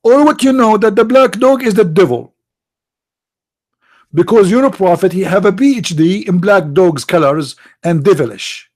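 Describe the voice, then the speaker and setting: A man hosting his channel in polemical talk, slow, emphatic and scornful. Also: high-pitched, a little mellow. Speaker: channel host.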